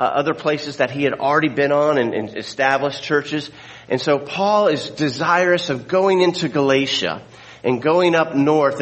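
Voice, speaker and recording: A man's voice: a little high, rough recording. A male pastor retelling a scripture story in a conversational sermon, with frequent fillers and restarts.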